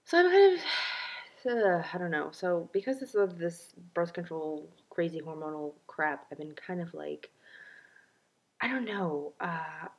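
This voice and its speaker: A woman's voice: fairly low pitch, lively intonation, unhurried, husky, muffled recording. A young adult woman talking in a casual video diary, chatty and self-mocking, with lots of fillers. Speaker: vlogger.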